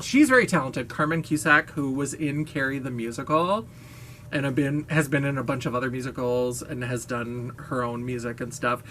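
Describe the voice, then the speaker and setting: Gushing man with a bright, brash voice. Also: mid-range voice, slight background noise. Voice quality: brash, blaring voice. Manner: gushing, playful, self-mocking. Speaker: vlogger. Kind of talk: casual chatty monologue.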